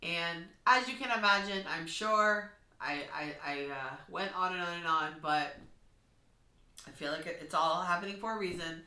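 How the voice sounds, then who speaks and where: A woman's voice: on the low side, moderate pace, sharp tone. A woman giving an emotional, rambling personal tribute, laughing through tears. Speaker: vlogger. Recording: echoey room.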